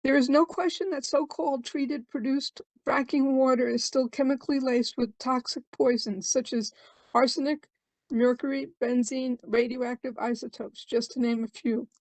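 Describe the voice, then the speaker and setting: A woman's voice: high voice, steady tone, normal speed, a little mellow, dry recording, poor audio. An older woman giving an emotional, urgent public comment at a hearing over a remote call.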